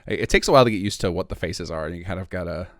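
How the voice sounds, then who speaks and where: A man's voice: deep voice, racing, fairly bright tone, no room sound, studio quality. A man giving a casual screen-recorded modding tutorial, thinking aloud and correcting himself as he clicks through the editor.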